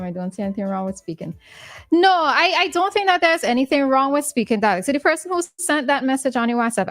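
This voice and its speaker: A woman with a Vincentian accent co-hosting a morning call-in radio show, chatty and quick to laugh. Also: fairly high pitch, dry recording. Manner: chatty, laughs often, gives call-in number. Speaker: radio co-host.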